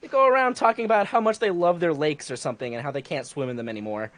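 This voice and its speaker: A woman telling a work story in a casual podcast chat, animated and profane. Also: low voice, fast talker.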